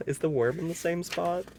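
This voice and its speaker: A man's voice: mid-range voice, a little mellow, slight background noise. A man reading a children's book aloud and breaking off for sarcastic, incredulous comments. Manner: sarcastic asides, incredulous questions. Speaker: reader.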